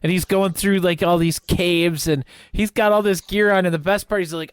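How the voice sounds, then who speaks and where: A male podcast co-host chatting casually, relaxed and quick to laugh. His voice is smooth and resonant, sitting slightly high for a man. The sound is dry and close, with no room echo. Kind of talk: casual chat.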